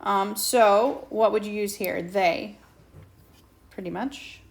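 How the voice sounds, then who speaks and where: A woman teacher, slowly and patiently walking students through a Spanish lesson and asking them questions. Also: medium pitch. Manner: slow patient explaining, asks students questions. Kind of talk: recorded whiteboard lesson. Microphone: tablet mic.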